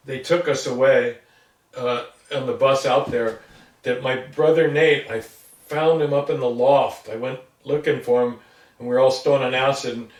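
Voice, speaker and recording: A man in his sixties being interviewed, telling a long rambling story about his past and acting out what others said along the way. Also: medium pitch. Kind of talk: casual recollection. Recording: roomy sound from a distance.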